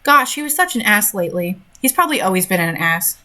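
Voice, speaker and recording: A woman's voice: medium pitch, animated, fast, sharp tone. Young woman host reading and roasting a story, sarcastic and fed up. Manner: sarcastic, exasperated asides. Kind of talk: dramatic reading with commentary.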